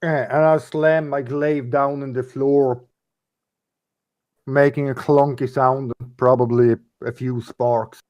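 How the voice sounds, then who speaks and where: A man's voice: mid-range voice, little pitch movement, slow pace, a little mellow, no room sound. A man playing in a tabletop game, thinking aloud and hesitating as he declares his moves. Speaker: player. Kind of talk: casual tabletop play.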